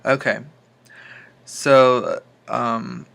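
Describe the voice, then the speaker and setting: A man working as a speech therapist, recording homework and giving calm plain instructions between slowly sung practice phrases. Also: mid-range voice, gravelly.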